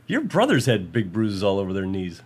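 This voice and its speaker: A man's voice: fairly low pitch, wildly swooping pitch, brisk. A man co-hosting a podcast, chatting casually in a playful, teasing way and laughing often. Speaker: podcast co-host. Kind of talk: casual chat.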